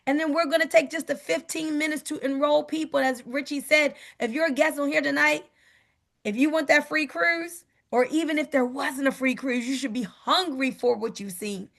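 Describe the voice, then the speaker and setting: A woman making an upbeat sales pitch on a video call, often asking "guess what". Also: normal speed, vocal fry, a bit bright.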